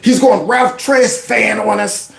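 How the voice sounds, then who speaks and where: A man hosts his own commentary show, reacting to clips with animated sarcasm. His voice sits high for a man. It rings around a roomy, echoing space. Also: slow pace, vocal fry. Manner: animated, sarcastic, mocks others in put-on voices. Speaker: host reacting to news clips. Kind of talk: opinionated commentary. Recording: roomy echo.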